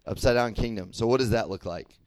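Low-voiced young preacher from the South. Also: male voice, brisk, no echo. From American South. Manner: conversational, frequent "right?" and "okay?" checks. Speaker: youth preacher. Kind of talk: casual sermon to a crowd.

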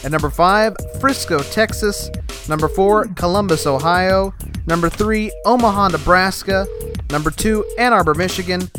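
A man's voice: high-pitched, normal speed, music in the background. A man hosting a comedy podcast, chatting playfully and getting exasperated with his sidekick. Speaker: podcast host.

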